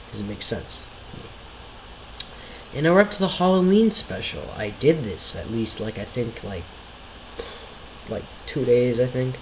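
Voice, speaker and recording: A man's voice: mid-range voice, darkish tone, slight background noise, low-quality recording. A man giving casual, rambling commentary over his own homemade video series, often apologetic and self-deprecating.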